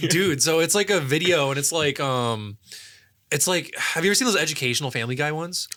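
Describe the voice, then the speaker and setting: A man's voice: a little high, fairly quick. A young man co-hosting a podcast, rambling through stories in casual, profane chat. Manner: rambling, profane, animated storytelling. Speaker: podcast co-host.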